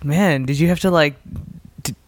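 A woman's voice: sits low, normal speed, dry recording. A woman co-hosting a podcast in casual chat, rambling and joking with lots of "like" fillers. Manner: rambling, jokey, heavy on "like". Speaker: podcast co-host.

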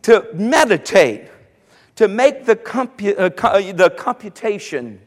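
Male preacher, very high voice, fervent sermon delivery, long hall reverb. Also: big pitch swings, unhurried. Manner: fervent, rising into shouts. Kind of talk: sermon on prayer.

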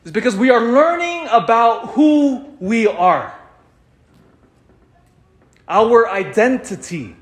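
Animated man preaching in an echoey church. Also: very high voice, slow pace, long pauses. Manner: animated, rhetorical questions, repeats himself. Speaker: priest. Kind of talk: sermon.

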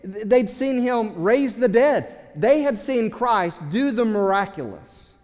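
Impassioned male preacher in a reverberant hall. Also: high voice. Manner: impassioned preaching, swings from loud to hushed. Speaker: pastor. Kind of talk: sermon.

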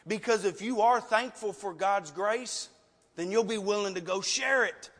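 A male preacher delivering an emotional, sometimes loud sermon full of pleading rhetorical questions and an altar call. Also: high voice, a little slow. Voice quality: passionate, emotional, loud at times. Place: church sanctuary. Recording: long reverb of a large hall.

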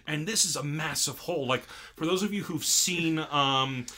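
A man's voice: fairly high pitch, normal speed. A man co-hosting a casual podcast, animatedly recapping an anime episode and acting out scenes. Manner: animated storytelling, acts out scenes. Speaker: podcast co-host.

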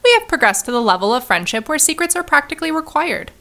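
A young woman in a comedy sketch, playing her own dry, bossy, logical side in a deadpan way. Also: sits high, quick pace, vocal fry. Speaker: comedic performer.

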